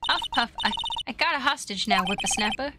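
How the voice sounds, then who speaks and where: A woman's voice: a little high, lively intonation, fairly quick, heavy background noise, lightly acted. A woman voicing a fussy old woman guard who is out of breath and huffs and puffs between words, in a fan dub of a game. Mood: panting. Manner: huffing and puffing between words.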